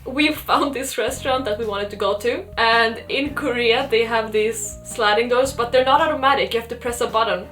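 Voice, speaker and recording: A woman's voice: on the high side, moderate pace, few pauses, faint music behind. Giggly young Swedish woman telling stories. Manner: giggly, lively storyteller. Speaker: podcast co-host. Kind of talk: casual storytelling chat.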